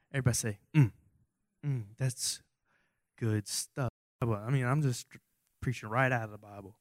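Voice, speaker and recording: A man's voice: medium pitch, normal speed, pauses often, dry recording, studio quality. A young man, preaching a casual, joking sermon full of rhetorical questions and rambling asides. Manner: goofy, self-mocking, rambling with asides. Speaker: youth preacher.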